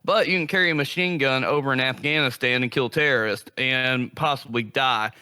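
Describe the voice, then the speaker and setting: Exasperated man ranting, bright voice. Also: mid-range voice, fairly quick, clear, resonant tone. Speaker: podcast co-host. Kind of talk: casual podcast chat.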